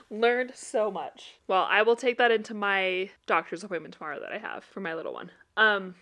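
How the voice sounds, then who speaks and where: A woman's voice: mid-range voice, moderate pace, pushed and bright. A woman co-hosting a podcast in casual chat, easygoing, with short reactions and laughter. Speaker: podcast co-host.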